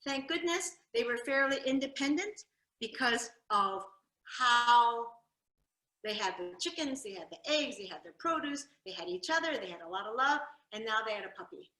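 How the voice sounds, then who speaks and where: A woman telling her family's history at a library talk, lively and animated, acting out her grandfather's jokes. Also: a little high, normal speed. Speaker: storyteller giving a library talk. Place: library event room. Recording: echoey room.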